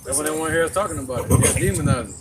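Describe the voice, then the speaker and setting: A man joining a casual religious discussion, talking quickly and raising questions. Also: a little high, animated, heavy background noise.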